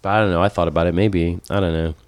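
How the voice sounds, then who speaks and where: A man's voice: low-pitched, rapid-fire, clean tone, dry recording. A man in casual chat, animatedly retelling a story and acting out the people in it. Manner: animated retelling, acts out voices.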